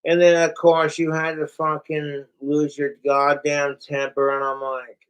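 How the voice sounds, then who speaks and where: A man's voice: fairly high pitch, completely flat delivery, unhurried, a bit bright, smooth, low-quality recording. A middle-aged man ranting in a rambling, profane casual vlog, venting to his viewers. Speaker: vlogger. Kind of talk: rambling casual rant to camera.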